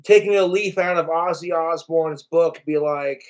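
A man's voice: a little high, measured pace, few pauses. A man hosting his livestream, ranting casually and profanely, acting out the lines of others. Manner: profane, boastful, acts out quoted lines. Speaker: livestream host.

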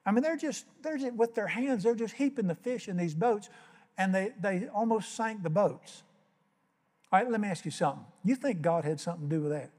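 A man's voice: high voice, lively intonation, brisk, a little mellow, big-room sound. An older man preaching a sermon as pastor, telling folksy stories and acting out the voices. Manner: folksy storytelling, acts out voices.

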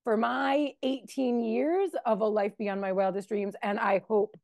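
A woman's voice: a little high, steady tone, a little slow, a little mellow, no room sound, clean studio sound. A woman in her forties giving a candid, emotional personal recovery testimony at a meeting. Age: 40s. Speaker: member sharing at a recovery meeting.

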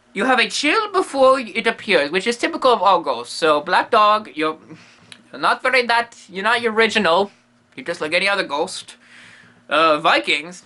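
A man's voice: high voice, very animated, moderate pace, sharp tone. A man hosting a comedic monster explainer, rambling in a playful, goofy way full of silly asides. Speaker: comedic host playing a medium.

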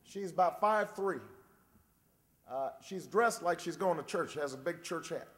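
A man in his forties giving a campaign speech, telling a dry, wry story and then building to a shouted rallying close. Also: a little high, a little slow. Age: 40s. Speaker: presidential candidate. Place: large convention hall. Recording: long reverb of a big convention hall.

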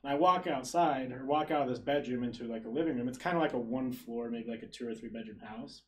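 A man's voice: mid-range voice, fast talker, a bit bright, slight background noise. A young adult man on a podcast, telling a rambling, self-deprecating story to friends in casual chat and laughing through it. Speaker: podcast co-host.

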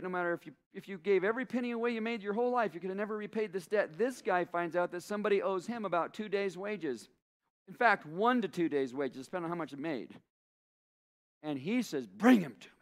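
A male pastor, preaching a sermon with passion and repeating phrases for emphasis. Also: high-pitched.

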